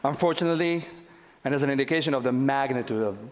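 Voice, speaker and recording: A man speaking as a diplomat at a conference, giving a solemn, measured formal speech. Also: mid-range voice. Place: large conference hall. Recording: echoey conference hall.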